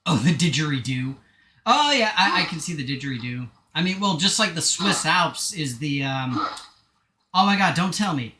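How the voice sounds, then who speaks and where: A man's voice: a little high, sing-song, moderate pace, sharp tone, roomy sound. A man live-streaming a video game, chatting casually in a rambling, self-deprecating way with joking asides. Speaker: gaming streamer.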